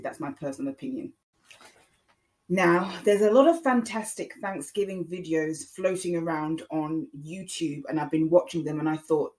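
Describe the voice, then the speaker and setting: A woman's voice: low-pitched, a little mellow, rough recording. A woman hosting a podcast, talking casually and earnestly, repeating her points and pleading with her listeners. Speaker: podcast host. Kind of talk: casual opinion monologue.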